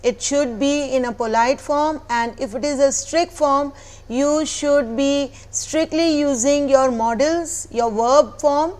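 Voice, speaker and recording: A woman's voice: sits high, darkish tone. A woman teacher with an Indian accent giving a recorded class lesson, explaining patiently, repeating phrases and slipping into Hindi. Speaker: school teacher.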